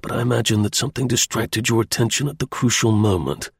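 A man's voice: medium pitch, fast talker, breathy edge, no room sound, clean studio sound. A man voicing a stern male secret service agent who talks in clipped, threatening lines. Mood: menacing.

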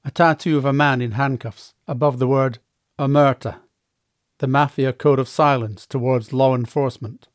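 Brief: a male memoir narrator, measured delivery, mid-pitched, dry and close. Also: dry recording. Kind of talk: first-person audiobook narration.

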